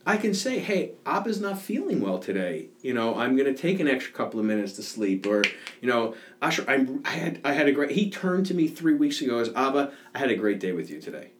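A man's voice: medium pitch, big pitch swings, a little fast. A man in his thirties, a father and fire captain, telling emotional stories in an earnest podcast conversation. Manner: emotional, earnest storytelling with laughs.

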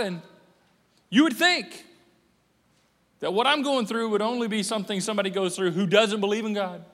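Man, pastor, lively jokey sermon, acts out quotes, bright voice, long hall reverb. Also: high voice, normal speed, long pauses. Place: church auditorium. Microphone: handheld microphone on stage. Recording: echoey church hall.

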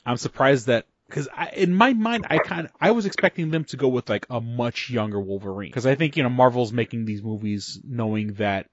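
A man talks through a casual podcast, wandering off mid-sentence and swearing as he goes. The sound is muffled and lo-fi, with a dry, close feel and a middle pitch. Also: a little fast, few pauses, dry recording. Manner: rambling, profane, many fillers and restarts. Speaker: podcast co-host.

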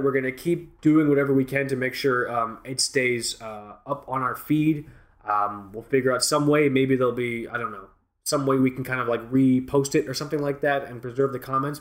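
Rambling joking podcast guy. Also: medium pitch. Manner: rambling, joking, many fillers and restarts. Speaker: podcast co-host. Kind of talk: casual chat.

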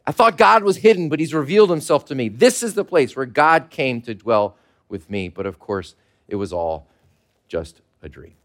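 A man, a pastor, preaching a sermon to his congregation in a relaxed, conversational way with light laughter. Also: medium pitch, moderate pace. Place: church service held in a mall.

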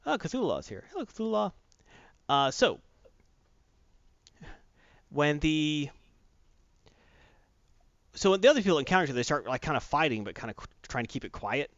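A man hosting a comic book podcast, recapping an issue in a rambling, animated way with casual asides. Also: a little high, normal speed, pauses often, no echo. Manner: rambling, animated storyteller who acts out quotes. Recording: dull lo-fi dry recording.

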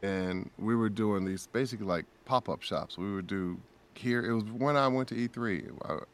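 A man's voice: fairly low pitch, normal speed. A man guest on a podcast, telling an emotional story in a casual chat, acting out the quotes as he goes. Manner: emotional, animated retelling with acted quotes.

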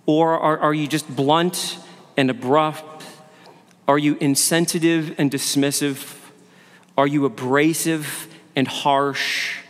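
A man with a fairly high, fairly even voice speaks slowly as a pastor delivering an earnest sermon. He asks his listeners questions and often repeats words as he goes. The church sanctuary gives the recording a long hall reverb.

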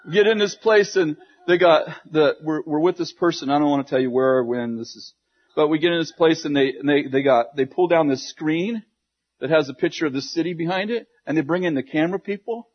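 Male preacher, husky, slightly high voice, animated storyteller, dull lo-fi sound. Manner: animated, laughing storyteller with quick asides. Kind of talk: sermon storytelling to a congregation.

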